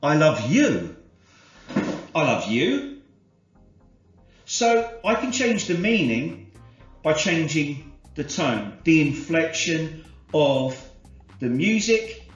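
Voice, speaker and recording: A man from the UK leading a corporate sales training session, explaining concepts in a measured way and varying his inflection to demonstrate. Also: a little high, expressive. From United Kingdom. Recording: roomy, slightly dull, soft music behind.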